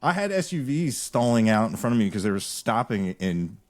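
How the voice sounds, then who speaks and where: A man hosting a casual podcast chat, telling stories in an animated, rambling way with frequent restarts. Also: fairly low pitch, a little fast. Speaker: podcast host.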